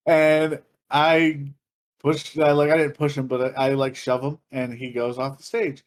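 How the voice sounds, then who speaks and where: Animated, swearing male podcast storyteller. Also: on the high side, unhurried. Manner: animated, profane, laughing, acts out voices. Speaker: podcast co-host. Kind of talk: casual storytelling chat.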